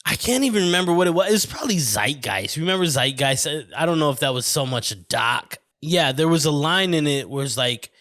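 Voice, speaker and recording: A man's voice: fairly high pitch, animated, a little fast, few pauses, a bit bright, dry recording. Rambling man podcasting in a dry room. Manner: rambling, off on tangents, swearing, often saying "you know what I mean". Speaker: podcast host. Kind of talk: casual podcast chat. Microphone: studio mic on camera.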